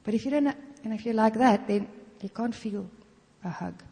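A middle-aged woman delivers a sermon as if chatting with friends, sprinkling "you know" through her sentences and acting out short prayers. Her voice sits a little higher than most women's. A long hall reverb trails behind every phrase. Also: moderate pace, gravelly, mellow. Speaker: guest preacher.

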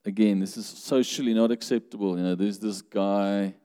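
In a church hall, a man preaches a sermon in a fairly low, mellow, clean voice, keeping a steady tone at normal speed. He speaks conversationally, puts questions to the listeners and laughs now and then, while the hall's long reverb lingers on his words.

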